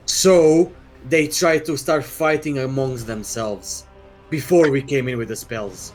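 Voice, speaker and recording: A man's voice: mid-range voice, darkish tone, faint music behind. A man playing a tabletop game, planning out moves in a casual way. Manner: planning, quick repeated no's. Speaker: player.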